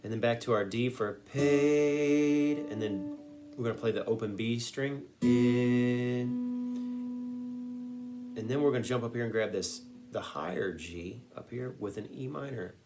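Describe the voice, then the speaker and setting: A man's voice: medium pitch, measured pace. A man teaching a guitar song note by note, patiently walking through each finger move and sometimes singing a lyric. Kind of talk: step-by-step guitar lesson.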